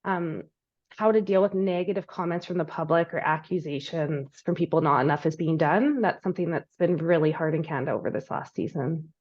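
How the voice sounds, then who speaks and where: Woman moderator, fairly low voice, muffled lo-fi sound, reads questions. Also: a little mellow. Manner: measured, with fillers. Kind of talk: reading audience questions. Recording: dull lo-fi audio.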